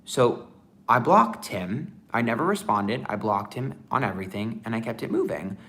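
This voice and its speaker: A man's voice: medium pitch, lively intonation, moderate pace, fairly bright tone. A man chatting casually on a livestream as a tarot reader, rambling with lots of fillers.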